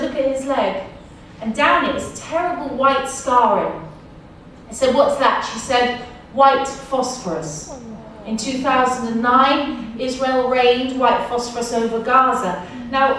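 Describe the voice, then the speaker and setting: A woman in her forties with an English accent tells a personal testimony to a university audience, pressing her points through repetition. Her voice sits slightly high. It reaches the listener from a distance, washed in heavy room echo with a faint hum of ambience. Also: a bit bright. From England. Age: 40s. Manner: storytelling, emphatic repetition. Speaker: guest speaker. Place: university lecture hall. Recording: echoey hall from far off.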